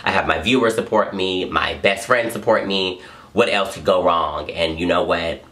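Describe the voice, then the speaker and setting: A young man talks straight to his camera in an earnest, emotional vlog, gushing and repeating himself. His voice sits low yet sounds bright and forceful. He comes across as an open, heartfelt vlogger. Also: normal speed. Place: home in Los Angeles.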